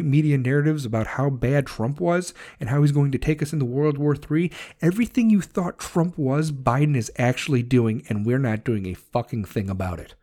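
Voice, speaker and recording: Brief: furious man ranting, swearing nonstop, dark mellow tone. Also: a little high. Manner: profane, shouting insults, heated. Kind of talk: angry political rant.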